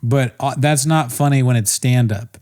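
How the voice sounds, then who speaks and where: A man's voice: medium pitch, moderate pace, a little mellow. A man co-hosting a podcast in casual comedic chat, loose and joking. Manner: loose, joking, laughs often. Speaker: podcast co-host.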